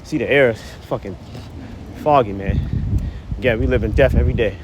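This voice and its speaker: A man preaching scripture outdoors in a mid-pitched voice, short of breath and blunt. He reads a verse, then breaks it down in profane slang. Faint traffic hums behind him. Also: brisk, lo-fi sound. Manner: keeps tagging lines with "man" and "right?". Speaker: religious commentator. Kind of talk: preachy street-corner scripture commentary.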